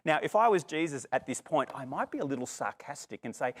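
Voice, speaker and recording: A middle-aged man preaching a sermon, lively and expressive, acting out the voices in the story. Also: a little high, a little fast, few pauses. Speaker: pastor.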